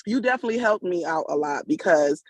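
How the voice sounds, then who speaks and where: A woman's voice: on the low side, expressive, fast talker, darkish tone, dry recording. A woman, calling in on a video call from work, giving an emotional, rambling thank-you. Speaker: caller. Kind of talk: casual testimony on a video call.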